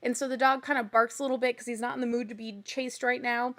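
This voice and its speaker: Woman, higher voice, casual recap chat, animated, laughs between lines. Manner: chatty and animated, quick asides and laughs; acts out quoted lines in little voices. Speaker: podcast host recapping a reality show.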